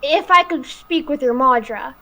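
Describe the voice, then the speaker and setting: A woman's voice: high-pitched, moderate pace, sharp tone. A woman voicing a weary, formal female envoy who speaks politely and trails off.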